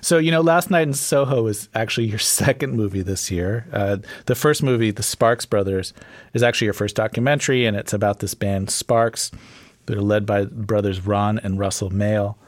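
Low-voiced male interviewer, dry sound. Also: moderate pace, dry recording. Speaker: interviewer host. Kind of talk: interview questions.

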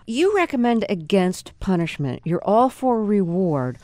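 A woman's voice: medium pitch, very animated, measured pace, a little mellow, no room sound. A woman interviewer asking curious, chatty questions with loose hesitations.

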